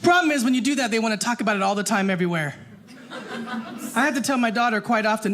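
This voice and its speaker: A woman performing a stand-up comedy set on stage, animated and acting out the people in her stories. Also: a little high, fast talker. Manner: animated, acts out voices. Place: stage before a live audience. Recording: noisy live comedy room.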